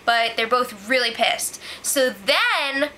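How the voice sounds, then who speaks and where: A woman's voice: a little high, expressive, slow pace, bright, forceful tone, a little hiss or hum. A woman recapping a reality show in a casual vlog, chatty and opinionated, saying "like" a lot. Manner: chatty and opinionated, heavy use of "like".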